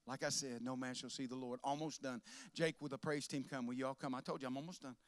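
A man preaching a sermon as pastor, swinging between loud preaching and soft asides, with laughs. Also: mid-range voice, fairly even intonation, quick pace, no echo.

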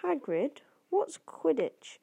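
A woman's voice: sits high, big pitch swings, slow pace, creaky, dark tone, pitched above the performer's own voice, full character voice. A woman voicing a curious, unsure young boy wizard in an amateur audiobook reading, asking questions.

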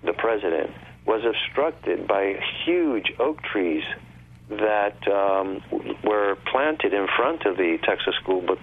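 Low-voiced man on a tinny phone line. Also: expressive, slow pace, breathy edge. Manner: insistent, explains at length. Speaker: guest. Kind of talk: radio call-in talk.

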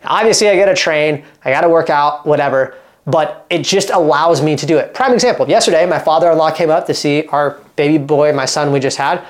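Man, 30s, from Oregon, fitness coach, casual to-camera chat, animated and emphatic, filler-heavy. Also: on the high side, brisk. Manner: animated and emphatic, acts out quoted dialogue; chatty, full of "like" fillers and restarts.

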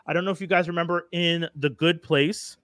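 A man with a higher-pitched, steady voice co-hosts a podcast, speaking briskly with a slightly bright tone. He chats casually and enthusiastically about shows and actors, talkative and full of slang. The recording is studio quality with no room sound.

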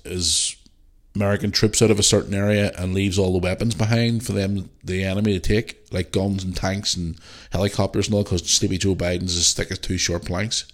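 A man from Northern Ireland with a Northern Irish accent, hosting a casual solo podcast, blunt and opinionated, swearing freely and sniffly from the flu. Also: deep voice. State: getting over the flu, sniffly. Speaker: podcast host.

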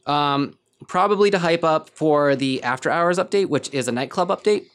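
Young male host, slightly higher-pitched voice, offhand news chat full of fillers. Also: moderate pace, fairly bright tone, clear, resonant tone. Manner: casual, offhand, filler-laden news delivery. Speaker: podcast host reading gaming news.

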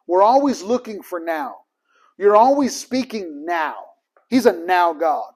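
Ministry trainer, man, high-pitched, emphatic storyteller. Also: animated, a little slow, a little mellow. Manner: storytelling, acts out both sides of conversations, emphatic. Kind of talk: casual teaching talk.

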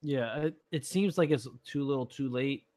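A man's voice: medium pitch, normal speed, warm tone, dry recording, clean studio sound. A man co-hosting a casual podcast, chatting and reading news items aloud with his own asides. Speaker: podcast co-host.

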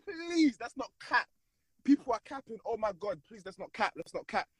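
A man's voice: very high voice, big pitch swings, normal speed, slightly rough, no echo. A young man ranting in a heated, worked-up way as a guest on a live stream, swearing and repeating himself.

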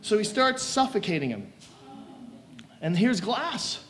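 A man's voice: high-pitched, a little slow. A man preaching a sermon, retelling stories animatedly and acting out scenes. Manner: animated storytelling, acts out scenes. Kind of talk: sermon with retold story.

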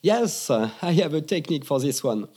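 A man's voice: a little high, very animated, normal speed, mellow. A man with a French accent, a public speaking coach explaining his methods in an interview, emphatic and repeating words for stress.

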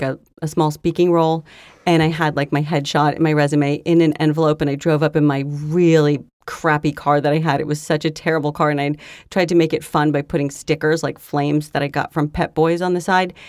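Female podcast co-host, lowish voice, chatty animated storyteller, dry close sound. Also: no echo. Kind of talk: casual chat.

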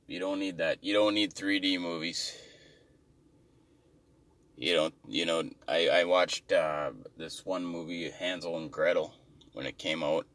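A man's voice: low voice, steady tone, measured pace, fairly bright tone, far from the mic. A man doing a rambling, profane, exasperated comic rant, recorded slightly off-mic.

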